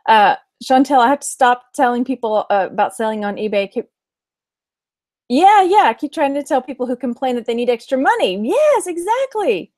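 A woman's voice: high-pitched, very animated, normal speed, a little mellow, no echo, clean studio sound. A woman in her thirties with a Texan accent, chatting casually on a live stream, giggling often and reading viewer comments aloud. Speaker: vlog host, reseller.

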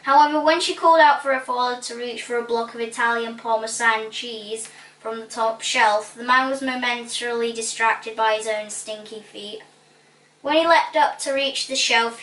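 A woman reading a children's book aloud in a lively, playful way, recorded with a roomy echo from a distance. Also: on the high side. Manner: lively, playful, relishing funny words. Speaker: storybook reader.

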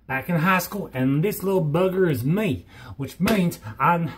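A young man with a high voice vlogs at home in a hyper, giddy rush. He rambles, jumps between thoughts and bursts into loud, silly exclamations. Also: a little slow, a little hiss or hum. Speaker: vlogger. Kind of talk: hyper casual vlog.

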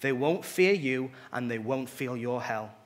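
A man's voice: medium pitch, animated, unhurried, close to an everyday voice. A man with a mid-range voice, reading out the lines of God as a resolute, loving king from a storybook during a sermon. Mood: tender. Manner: firm, declaring.

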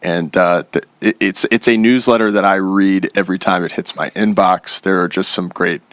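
A man's voice: deep voice, steady tone, normal speed, fairly bright tone. A man hosting an interview, affirming his guest and steering with small stammering restarts. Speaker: host.

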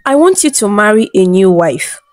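A woman's voice: mid-range voice, big pitch swings, normal speed, no echo, lightly acted. A woman reading the lines of a childless young wife in a folktale, pleading and earnest.

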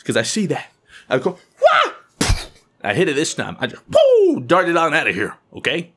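A young man telling a funny story to camera in an excitable, animated way, often squealing in high voices when he quotes people. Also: fairly quick, breathy edge.

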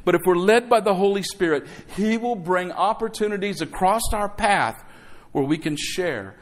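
A man's voice: high voice, animated, normal speed. A middle-aged man preaching a sermon as pastor, exhorting the congregation to say amen and throwing in conversational asides and rhetorical questions.

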